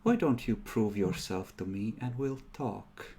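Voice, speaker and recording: A man's voice: on the low side, expressive, a little slow, dark tone, slight background noise. A man whispering as a sly seductive spirit-goddess.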